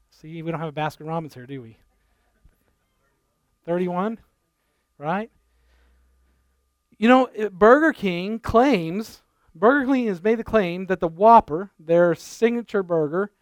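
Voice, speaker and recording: A man's voice: high-pitched, clear, resonant tone, no room sound. A male pastor giving a conversational sermon, telling stories with jokes and asides. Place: church.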